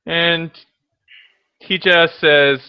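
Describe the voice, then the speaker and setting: A man playing in a tabletop game, unhurried and laughing at himself. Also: fairly high pitch, fairly even intonation, clear, resonant tone, lo-fi sound. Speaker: player. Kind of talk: casual tabletop play.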